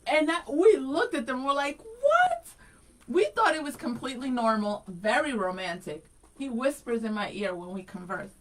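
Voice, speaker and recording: A woman's voice: on the high side, lively intonation, normal speed, rough recording. A woman in her forties co-hosting a casual morning show, laughing often and reading listener comments aloud. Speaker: co-host.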